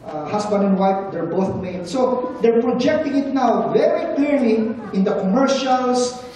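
Pastor giving a sunday sermon, mellow earnest voice, lots of questions to the crowd, far off mic, super echoey hall, faint hiss. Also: mid-range voice, lively intonation, normal speed. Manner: earnest, asks the congregation questions. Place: church service in a large hall.

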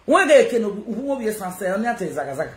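A Nigerian woman chatting casually to her followers, loud and teasing, often laughing. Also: mid-range voice, very animated, racing. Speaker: social media personality. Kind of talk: casual self-recorded chat to followers. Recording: echoey room with faint noise.

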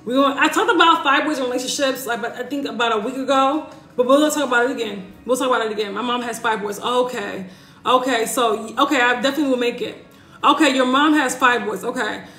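Woman host, high voice, casual and reassuring live-stream chat, roomy echo. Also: fast, faint music behind. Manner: warm, reassuring, chatty, reads comments aloud. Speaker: health coach hosting a live stream. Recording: echoey room.

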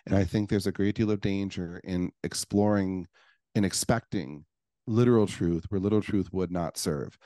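A man's voice: low-pitched, moderate pace, dark tone, dry recording, studio quality. A man, a guest who works as a life coach, talking in a casual podcast conversation with an enthusiastic, argumentative manner.

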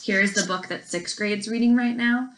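A woman's voice: medium pitch, normal speed, slight background noise, low-quality recording. A woman teacher reading a novel aloud to her class in an online lesson, friendly and encouraging.

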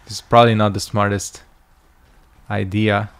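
A man's voice: fairly low pitch, level tone, moderate pace, clean tone. A young man casually commenting on a game he is playing, muttering to himself and swearing. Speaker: gaming streamer.

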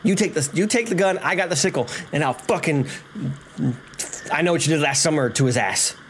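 A man giving casual, profane let's-play commentary, excitable and laughing. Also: a little high, brisk. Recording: noisy home recording.

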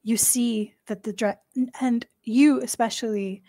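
A woman game master narrating a tabletop game in an unhurried, descriptive way. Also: on the high side, steady tone, warm tone, dry recording.

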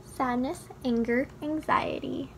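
A woman reading a children's storybook aloud in a gentle, teaching tone that speaks straight to the child listener. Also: high voice, fairly even intonation, slow pace, slight background noise. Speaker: children's book reader.

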